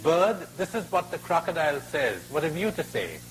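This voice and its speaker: A man's voice: a little high, sing-song, moderate pace, a little hiss or hum, voice pushed up, low-quality recording. A man voicing a frightened young boy in a spoken fable, urgent and pleading. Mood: insistent.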